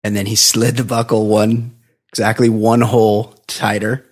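A man co-hosting a podcast, telling a long rambling story in casual chat and dropping into a low flat voice to mimic others. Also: normal speed. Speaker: podcast co-host.

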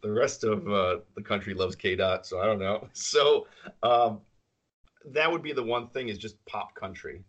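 Laughing, opinionated low-voiced man. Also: moderate pace, fairly bright tone, lo-fi sound. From central New York. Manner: laughs often, rambling and opinionated. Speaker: podcast co-host. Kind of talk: casual chat.

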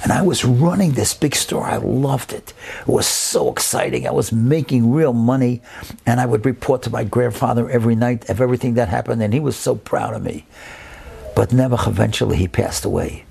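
A man telling a story expressively, building slowly and dropping to a whisper at times. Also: medium pitch, creaky, a little mellow, breathy edge. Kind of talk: told personal-style story.

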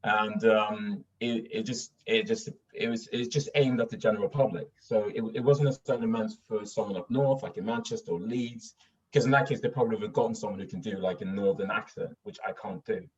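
A young adult voice actor from northern England, with a well-spoken English accent, tells stories in a casual interview, using many fillers and restarts. His voice is on the low side, fairly quick, a little mellow with a breathy edge, and the distant mic sounds dull.

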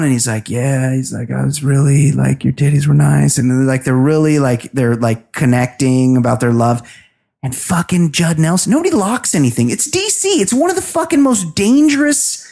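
A man co-hosting a comedy podcast, recapping a movie scene by scene in a loose, rambling way. He breaks into quick put-on voices for the characters as he goes. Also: a little high, animated, darkish tone. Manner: rambling retelling, acting out characters' lines. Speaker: podcast co-host.

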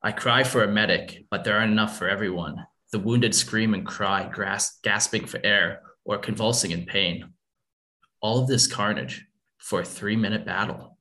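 A man's voice: lowish voice, moderate pace, bright, forceful tone. A man reading a first-person war story aloud in an earnest, somber way. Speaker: narrator.

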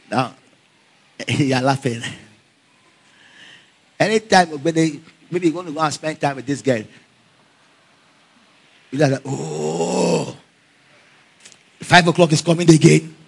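A man's voice: medium pitch, slow, pauses often, breathy edge. A man preaching a sermon, telling stories with frequent laughter and calling out to the congregation for responses. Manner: animated storyteller who laughs often.

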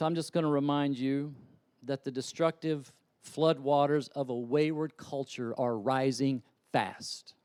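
Middle-aged man, pastor, sermon, impassioned then quiet storytelling, dry close sound. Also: medium pitch, no echo. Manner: impassioned, swings from loud urging to quiet storytelling. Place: church sanctuary.

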